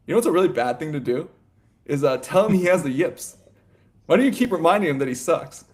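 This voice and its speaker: A man co-hosting a sports podcast, talking in a loose, animated ramble full of "like" and "you know" and quick laughs. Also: a little high. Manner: laughs often mid-sentence. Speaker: podcast co-host. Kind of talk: casual sports chat.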